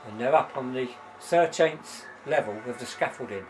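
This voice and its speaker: A man's voice: mid-range voice, normal speed, music in the background. Crude man telling jokes. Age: middle-aged. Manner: crude, laughing at own jokes. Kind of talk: casual joke telling.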